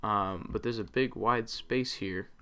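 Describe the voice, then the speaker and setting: A man's voice: on the low side, fairly even intonation, a little slow, pushed and bright, clear, resonant tone. A man hosting a let's play, chatting casually over his gameplay and rambling with many ums and uhs.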